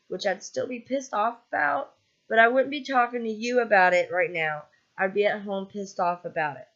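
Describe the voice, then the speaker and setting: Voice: medium pitch, normal speed, a bit bright. A vlogger venting in an angry, exasperated rant with a lot of swearing, sounding weary and fed up. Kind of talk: casual venting monologue. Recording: dull lo-fi recording.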